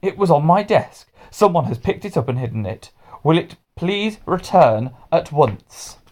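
A man's voice: medium pitch, sing-song, normal speed. A man voicing a kindly, fussy male schoolteacher with magic powers in a storybook reading. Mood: anxious. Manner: gentle, then anxious and cross.

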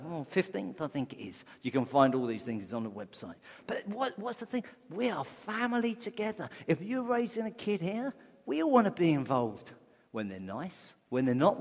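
A man preaching a sermon as pastor, conversational, asking rhetorical questions. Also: high voice. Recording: long hall reverb.

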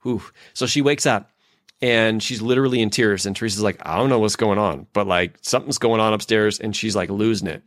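Recorded cleanly in a studio with no echo, this man speaks at a fairly low pitch and a fairly quick pace. He's a podcast co-host and leadership expert telling a family story loosely and casually, packing in fillers and animatedly acting out what people said.

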